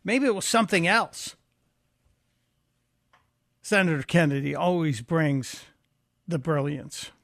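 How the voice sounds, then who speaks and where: A man with a high, gravelly voice hosts a talk radio show, filling in for the regular host. His commentary is sarcastic and mocking. The studio sound is close and dry. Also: animated, slow, pauses often, a bit bright, dry recording.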